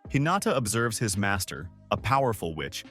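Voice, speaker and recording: A man with a lowish voice tells a story in a scripted recap, his pitch rising and falling in a lively way. Soft music plays faintly behind him. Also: moderate pace. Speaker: narrator. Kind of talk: scripted narration of a manga recap.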